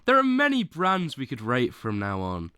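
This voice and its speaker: A man's voice: mid-range voice, huge pitch swings, moderate pace, bright, forceful tone, clear, resonant tone, dry recording, studio quality. A young man on a casual livestream who talks to his chat, swinging between playful mock outrage and fumbling apologies. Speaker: livestreamer ranking teas.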